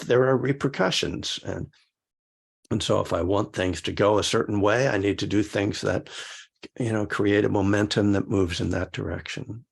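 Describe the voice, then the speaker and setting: Low, gravelly man giving a dharma talk. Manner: halting and reflective, with frequent restarts. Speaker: meditation teacher and author. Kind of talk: casual dharma talk to a class.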